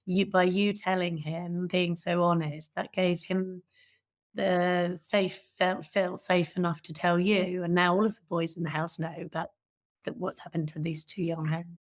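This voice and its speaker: British woman guest, middle-aged, lowish croaky voice, frank and steady storytelling. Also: unhurried. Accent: British English. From England. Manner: frank, steady, occasionally swearing. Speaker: interview guest. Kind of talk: candid personal storytelling.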